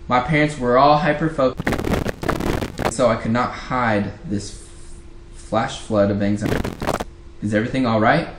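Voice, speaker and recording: A young man casually reading a novel aloud on a livestream, halting and rereading lines, into a webcam mic. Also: medium pitch. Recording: echoey room, background noise.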